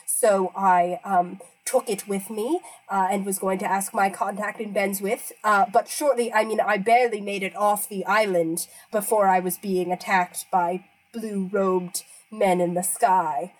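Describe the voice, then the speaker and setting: A woman's voice: medium pitch, steady tone, unhurried, close to an everyday voice, rough recording. A woman voicing a polite, nerdy male wizard scholar who speaks formally and hesitates often. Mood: earnest. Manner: hesitant, filler-heavy, formal. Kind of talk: in-character tabletop role-play.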